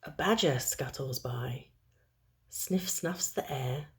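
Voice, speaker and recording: A young woman host reading a children's storybook aloud with gentle, chatty asides to the kids. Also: very deep voice, slow, gravelly, slight background noise.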